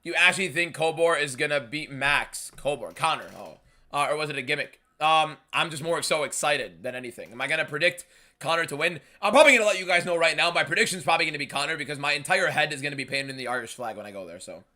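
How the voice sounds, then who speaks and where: Loud, emphatic young male streamer. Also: fairly high pitch, quick pace. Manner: emphatic and shouty, reading viewer messages aloud. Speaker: live streamer hosting a fight watchalong. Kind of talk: live stream chat and fight commentary.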